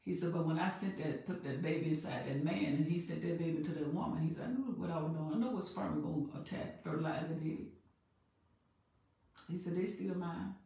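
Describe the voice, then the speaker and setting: A woman preaching a sermon in an emphatic, repetitive way that builds in loudness. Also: low voice, a little fast. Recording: very echoey room, voice far from mic.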